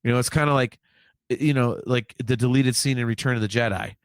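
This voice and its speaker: A man's voice: mid-range voice, fairly even intonation, fast talker, smooth, dry recording, studio quality. A man co-hosting a podcast, talking in casual chat, rambling and repeating his words as he argues a point. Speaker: podcast co-host.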